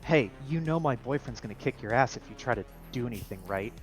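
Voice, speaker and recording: A man voicing a sly young woman who fakes being a helpless damsel, speaking in a quick, taunting way. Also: mid-range voice, lively intonation, faint music behind, close to an everyday voice, rough recording.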